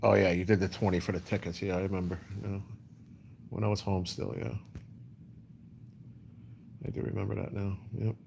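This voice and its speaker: A man's voice: deep voice, level tone, normal speed, gravelly, pauses often, a little mellow, slight background noise. A man hosting a casual livestream, answering chat comments in a rambling way, full of "you know". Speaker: livestream host.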